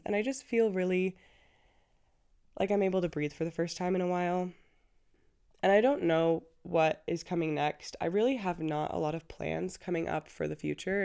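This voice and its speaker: A woman's voice: fairly low pitch, creaky, a little mellow. A woman in her twenties hosting a casual solo podcast, chatty and effusive, laughing often. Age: 20s. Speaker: podcast host.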